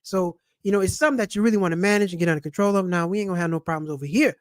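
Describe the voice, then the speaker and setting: Man, middle-aged, high voice, dry close sound, animated preachy vlog host, slangy casual talk. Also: very fast, no room sound. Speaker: channel host and comedian. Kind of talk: casual personal finance vlog.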